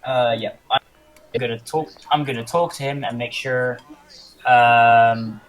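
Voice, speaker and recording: A man's voice: medium pitch, steady tone, a little slow, soft background music, poor audio. A man playing a tabletop role-playing game, talking in a hesitant, apologetic way. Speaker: player. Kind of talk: casual game chat.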